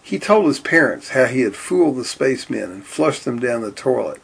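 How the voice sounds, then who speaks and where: Reading a children's story aloud, a man raises his voice for the characters' lines and lowers it for the narration. His mid-range voice is gravelly and husky, animated, at a moderate pace with few pauses.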